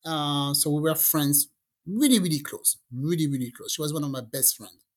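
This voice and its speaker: A woman with a fairly low voice tells a personal story in relaxed, casual talk. She is lively and acts out what other people said. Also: normal speed. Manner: animated storyteller, acts out quotes. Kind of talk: casual chat.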